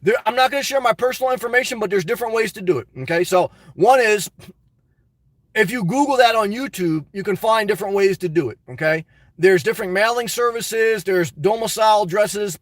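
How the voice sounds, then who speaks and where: A man live-streaming a casual vlog, reading comments aloud and answering them in an animated, repetitive, exclamatory way. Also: sits high, fairly quick, dry recording, studio quality. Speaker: YouTube vlogger answering live chat.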